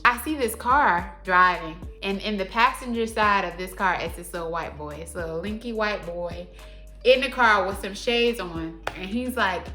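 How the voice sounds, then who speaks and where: A young adult woman tells a story to her audience in a chatty, slangy way. Her voice is bright and forward, at an ordinary pitch. She talks with animated, conversational energy. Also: normal speed, soft background music. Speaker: vlogger. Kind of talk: casual storytime vlog.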